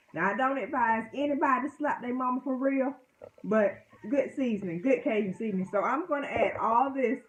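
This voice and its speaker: Woman home-cook vlogger, slightly high voice, casual and self-mocking, echoey kitchen with heavy background noise. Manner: chatty and self-deprecating, talks to viewers as y'all. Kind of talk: casual cooking vlog chat.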